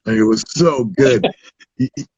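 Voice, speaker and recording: Irish guy telling a story, husky voice, swears a lot, laid back, dull lo-fi audio. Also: medium pitch, measured pace, a little mellow, no echo. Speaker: guest. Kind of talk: casual storytelling chat.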